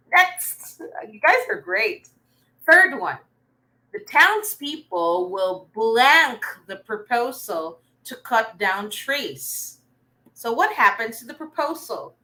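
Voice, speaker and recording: A young Filipino woman teaching a live online reading lesson, warmly praising her viewers as they answer. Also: a little high. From Philippines. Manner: encouraging, lively, praising viewers often.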